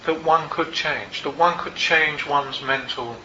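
An older man, a meditation teacher, tells a personal story to a group in a Buddhist centre, in a reflective and unhurried way with small asides. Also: on the high side, pushed and bright, slight background noise. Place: Buddhist centre meeting room. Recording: roomy, slightly dull hall recording.

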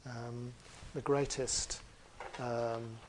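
A man doing a big man-eating troll, humbled and awestruck, halting as he fumbles for words. the voice stays mid-pitched and plain. it sounds like a troll from a storybook tale. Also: level tone, darkish tone, slight background noise. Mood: awed.

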